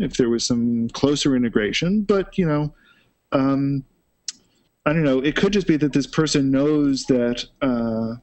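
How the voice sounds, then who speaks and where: A man's voice: mid-range voice, a little mellow. A man hosting a casual tech panel chat, opinionated and full of fillers.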